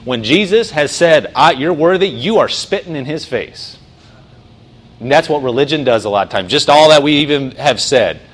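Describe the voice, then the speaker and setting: A man preaching a sermon in a conversational way, often restarting and slowing down to stress phrases. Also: mid-range voice, fairly bright tone, breathy edge, rough recording. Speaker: pastor.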